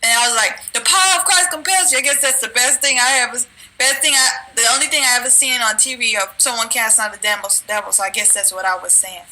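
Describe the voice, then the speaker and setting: A woman's voice: a little high, steady tone, quick pace, bright, forceful tone, low-quality recording. A woman telling a religious dream in a rambling, casual way, with restarts, and at times reading scripture aloud. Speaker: religious video maker.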